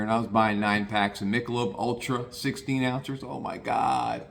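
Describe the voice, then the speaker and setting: A man's voice: mid-range voice, steady tone, normal speed, gravelly, few pauses, a bit bright. Plainspoken older man telling a rambling story. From Cincinnati area, US. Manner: rambling, plainspoken, frequent restarts, swears casually. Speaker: podcaster. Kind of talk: casual personal monologue.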